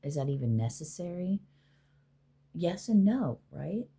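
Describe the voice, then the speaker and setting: A woman's voice: on the low side, big pitch swings, unhurried, vocal fry, dark tone, breathy edge. A middle-aged woman, a spiritual healer, rambling casually and with profanity as she talks to spirits aloud.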